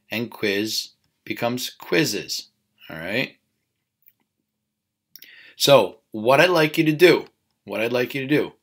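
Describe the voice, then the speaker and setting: Male teacher, lowish voice, recorded spelling lesson, repeats words, frequent "okay?" check-ins. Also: sharp tone.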